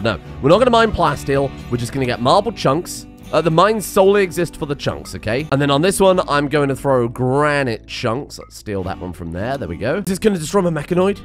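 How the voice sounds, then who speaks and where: A young man giving excitable, sarcastic let's-play commentary and laughing often. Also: mid-range voice. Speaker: gaming channel host.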